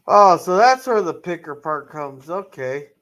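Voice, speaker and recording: A man chats casually while he plays a game on stream. His voice sits somewhat high. He mostly gives short, relaxed reactions and side comments. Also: a little slow. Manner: relaxed, brief reactions and asides. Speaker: streamer playing Minecraft. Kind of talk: casual chat while gaming.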